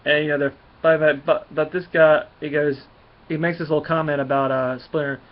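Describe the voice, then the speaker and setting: A man talks through a comic book review in a casual, rambling way, with many fillers and restarts. His voice sits fairly high, and the recording is dull and lo-fi. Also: flat delivery, fairly quick.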